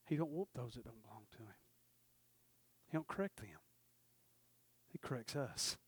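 A man preaching a sermon, telling folksy stories and acting out the dialogue, swinging from shouted peaks down to low murmurs. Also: lively intonation, normal speed, slightly rough, no room sound. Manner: folksy storytelling with acted-out dialogue. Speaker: pastor.

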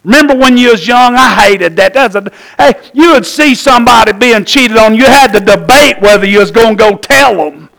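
High-voiced preacher, folksy and animated. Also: male voice, moderate pace, gravelly, few pauses, rough recording. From Tennessee. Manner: animated, folksy, calls for amens. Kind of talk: sermon.

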